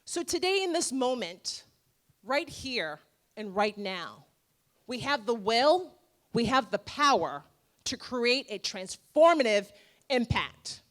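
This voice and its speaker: A woman in her forties, a dentist giving an emphatic, rhetorical motivational speech with dramatic pauses at a gala. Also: fairly high pitch, fairly bright tone. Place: gala event room.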